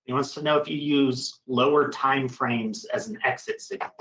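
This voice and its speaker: A man's voice: medium pitch, steady tone, moderate pace, a bit bright, rough recording. A man moderating an online webinar, reading out questions in an upbeat way with hesitant fillers.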